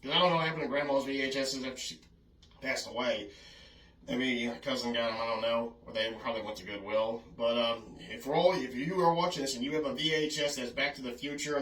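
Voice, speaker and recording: A man's voice: mid-range voice, a bit bright, distant mic. Casual male vlogger, rambling and apologetic, recorded in an echoey room away from the mic. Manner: chatty, apologetic, frequent "oh, goodness" and chuckles. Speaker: film reviewer vlogger. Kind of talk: casual rambling film memories.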